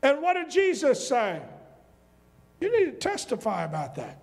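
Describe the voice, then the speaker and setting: A man's voice: very high-pitched, huge pitch swings, normal speed, gravelly. A male pastor preaching a sermon, reading scripture and turning to the congregation with questions and asides. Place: church sanctuary. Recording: long hall reverb.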